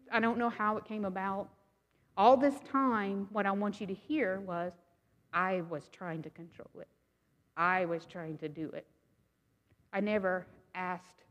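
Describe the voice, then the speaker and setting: An earnest woman shares her personal testimony with a congregation, talking plainly and checking in with her listeners as she goes. Her voice sits at a middle pitch. It rings with the long reverb of a large hall. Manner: earnest, conversational, asks "right?" often. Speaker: speaker giving a testimony.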